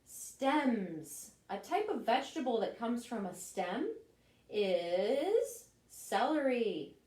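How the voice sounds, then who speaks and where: Lively librarian reading at storytime. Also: female voice, a little high, slow pace. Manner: animated, asks the children questions. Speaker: children's librarian. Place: library room. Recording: roomy echo, voice from a distance.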